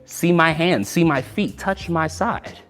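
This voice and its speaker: A man voicing a calm, gentle risen teacher. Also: fairly high pitch, a little slow. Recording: long hall reverb, faint music.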